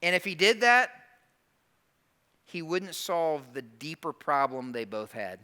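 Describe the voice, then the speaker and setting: A man pastor preaching a sermon, animated and emphatic, sometimes dropping to slow quiet asides. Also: on the high side, smooth. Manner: animated, acts out quoted prayers in a raised voice.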